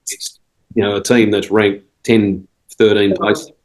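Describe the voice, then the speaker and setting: A man's voice: fairly low pitch, level tone, measured pace, poor audio. An Australian man, a cricket coach and podcast guest, telling stories in a rambling casual way with quoted dialogue. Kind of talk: casual storytelling interview.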